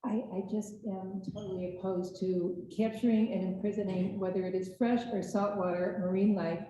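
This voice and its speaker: A woman's voice: medium pitch, fairly even intonation, moderate pace, noisy background. An older woman giving an earnest, emotional public comment at a county legislature meeting. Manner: earnest, grows emotional and pleading. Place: large legislative chamber. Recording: dull echoey chamber audio.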